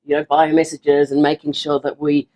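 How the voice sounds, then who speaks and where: A woman's voice: deep voice, completely flat delivery, moderate pace, dark tone, rough recording. Chatty Australian woman in an interview. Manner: chatty, many fillers and restarts. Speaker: online seller sharing her story. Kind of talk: casual interview.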